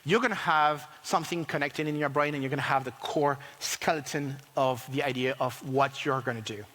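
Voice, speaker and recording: A man giving a conference talk on software, animated and full of fillers and restarts. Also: mid-range voice, fairly quick, big-room sound. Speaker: conference speaker. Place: large conference hall.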